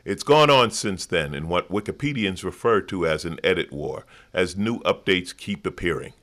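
A man's voice: low-pitched, lively intonation, moderate pace, fairly bright tone. A man panelist on a radio comedy quiz, reading a scripted funny story in a dry, mocking way.

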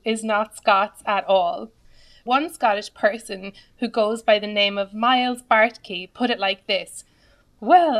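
A woman panelist on a radio comedy quiz, reading a scripted funny story with a wry, deadpan delivery. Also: mid-range voice.

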